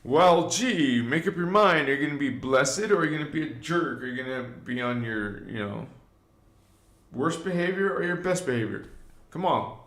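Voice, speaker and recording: Man, host, loose rambling spiritual talk, slightly high voice, roomy echo. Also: expressive, moderate pace, a bit bright. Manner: loose, meandering, frequent fillers and asides; addresses viewers directly and preachy. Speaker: livestream host.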